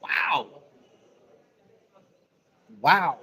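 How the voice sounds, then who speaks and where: A man's voice: extremely slow, bright, forceful tone, a little hiss or hum, rough recording. An American man hosting a casual live chat from a busy restaurant, joking and slangy, talking into a phone. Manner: slangy, joking, calls viewers bro. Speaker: livestream host.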